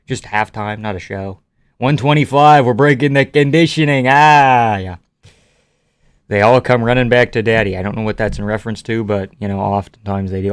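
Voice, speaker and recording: A man's voice: fairly low pitch, a little fast, smooth, no room sound. A man from Canada streaming live, reading out viewer comments and answering them offhandedly with casual swearing.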